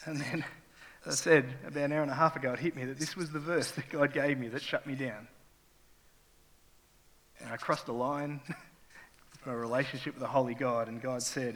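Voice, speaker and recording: A man's voice: medium pitch, steady tone, brisk, long pauses, fairly bright tone. A middle-aged man, preaching a sermon as a pastor and telling a raw, emotional personal story. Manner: raw, emotional testimony with rising intensity. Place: church hall. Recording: long reverb of a large hall.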